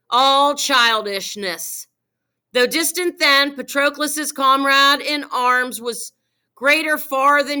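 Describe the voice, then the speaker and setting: A woman giving voice to a merciless warrior who taunts a fallen enemy. The lines come slow and scornful, declaimed in a high, bright tone. It is read aloud in a classroom. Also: full character voice.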